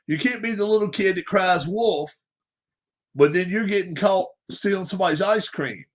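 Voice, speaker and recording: Here a man with a high voice, talking at normal speed, hosts a sports livestream. He rants with strong opinions, stressing and repeating his points while throwing out rhetorical questions.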